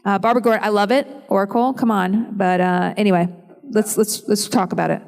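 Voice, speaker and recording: A woman's voice: mid-range voice, fairly even intonation, brisk, creaky, a little mellow. A woman in her forties answering fan questions at a convention panel, chatty and self-deprecating, laughing often. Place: large convention hall. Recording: long hall reverb.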